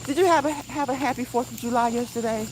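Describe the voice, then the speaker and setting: A woman's voice: on the high side, fast talker, slight background noise, low-quality recording. A woman hosting a live walk-and-talk stream outdoors, chatting casually, laughing often and reading viewer comments aloud. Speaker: livestream host. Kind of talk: casual live chat while walking.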